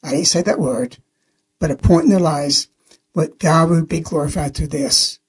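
A man's voice: fairly high pitch, moderate pace, slightly rough. A man giving an earnest spoken testimony on a religious radio program, telling the story plainly and repeating key phrases.

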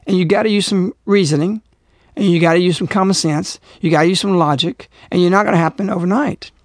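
A man's voice: high-pitched, fast talker, dry recording, studio quality. A middle-aged man hosting a religious radio talk show, speaking emphatically and repeating himself as he preaches.

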